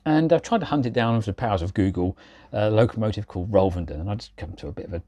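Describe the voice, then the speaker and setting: A man's voice: on the low side, lively intonation, fast, warm tone, dry recording. A man in his forties chatting casually to camera, rambling and self-mocking, with lots of filler words. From England. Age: 40s. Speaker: railway vlogger.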